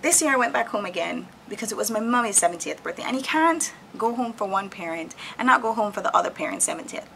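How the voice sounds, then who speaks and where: A woman's voice: medium pitch, lively intonation, fast talker, vocal fry, hardly any pauses, fairly bright tone, slight background noise, low-quality recording. A woman in her thirties from Jamaica, chatting candidly and laughing often as she talks through her plans in a casual vlog at home. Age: 30s. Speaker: vlogger. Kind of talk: casual chat while decorating.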